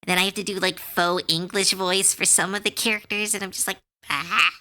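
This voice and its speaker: A woman artist chatting casually on a livestream while she draws, talking in a chatty, animated way with many fillers and restarts. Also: mid-range voice, quick pace. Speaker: artist streamer.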